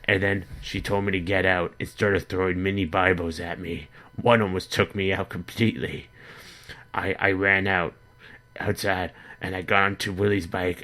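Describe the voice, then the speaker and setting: Male comic vlogger, deep, deadpan and rambling, with a crisp forceful edge. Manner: rambling, deadpan, stammering restarts. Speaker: comedy vlogger in character.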